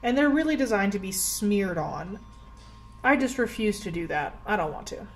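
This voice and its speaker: A woman's voice: medium pitch, expressive, moderate pace, rough recording. A young woman from Canada chatting casually while doing her makeup at home, self-deprecating and full of "like". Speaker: beauty vlogger. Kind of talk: casual get-ready-with-me chat. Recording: faint background music. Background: soft background music.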